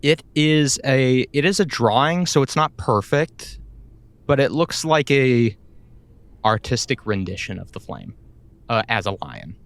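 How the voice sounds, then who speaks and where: A man's voice: mid-range voice, sing-song, unhurried, gravelly, a bit bright, no room sound. A man narrating as game master of a tabletop role-playing game, in a wry, laid-back way.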